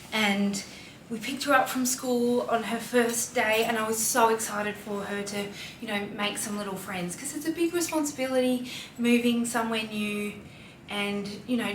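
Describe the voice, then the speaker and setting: An Australian mom and fashion vlogger in her thirties chats in a heartfelt, confessional way, using plenty of fillers. Her mid-range voice is fairly bright, and the distant mic picks up roomy echo, faint ambience and a little hiss or hum.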